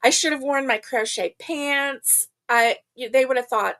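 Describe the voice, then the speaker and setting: Older woman, livestream host, casual chat, slow unhurried pace, slightly high voice, laughs often, greets viewers by name. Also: a bit bright.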